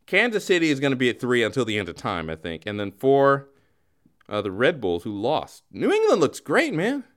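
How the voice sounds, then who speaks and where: A man's voice: mid-range voice, very animated, fairly quick, fairly bright tone, clear, resonant tone. A man hosting a podcast in casual chat, joking around and rambling through a playful play-by-play. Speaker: podcast host.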